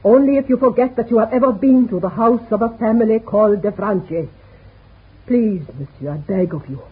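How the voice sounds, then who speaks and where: A woman's voice: a little high, brisk, breathy edge. An actress playing a proud, secretive older Corsican mother, speaking in a grave, formal manner in a vintage radio drama. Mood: pleading. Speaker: mother of the household. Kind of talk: 1940s radio acting. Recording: tinny old radio broadcast.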